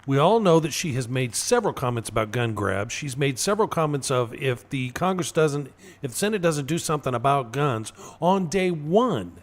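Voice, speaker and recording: A man co-hosting a casual political talk radio show, talking in a halting way with fillers and restarts. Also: medium pitch, lively intonation. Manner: halting, lots of fillers and restarts, laughs at own stories. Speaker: radio co-host.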